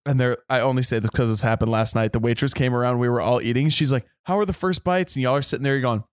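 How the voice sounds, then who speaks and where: A man chatting casually on a podcast as host, telling stories in an animated way and often checking in with "right?". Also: mid-range voice, very fast, clear, resonant tone, no room sound, studio quality. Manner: animated storytelling, frequent "like" and "right?". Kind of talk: casual chat.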